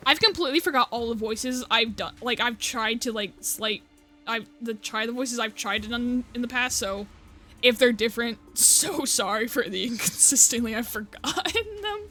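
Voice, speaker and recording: A woman's voice: a little high, moderate pace, sharp tone, soft background music. Chatty woman streamer who swears freely. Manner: chatty and self-mocking, swears often, laughs a lot. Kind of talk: casual game stream commentary, reading story text aloud.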